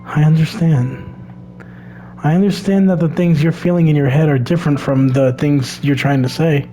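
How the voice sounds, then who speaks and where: A man's voice: on the high side, steady tone, moderate pace, dark tone, faint music behind, lightly acted, rough recording. A man voicing a cheerful, eager teenage girl from a game, speaking in a bubbly, pleading way. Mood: soothing.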